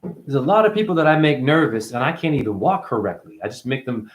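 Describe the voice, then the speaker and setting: A man hosts a livestream and delivers a meandering spiritual sermon, swearing freely. His voice sits at an ordinary male pitch but keeps jumping into sudden high, loud exclamations. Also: animated, quick pace. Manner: profane, rambling, preachy. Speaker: livestream host. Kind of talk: rambling spiritual livestream monologue.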